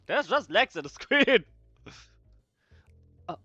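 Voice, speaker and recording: A man's voice: high-pitched, sing-song, slow, bright, forceful tone, slightly rough, no room sound, muffled recording, soft background music. A man joking and reacting as he plays through a game. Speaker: let's play gamer. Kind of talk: game playthrough commentary.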